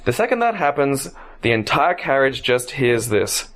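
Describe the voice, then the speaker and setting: A man on a podcast telling a long, profane story in a casual, animated way. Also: mid-range voice, normal speed. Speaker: podcast co-host.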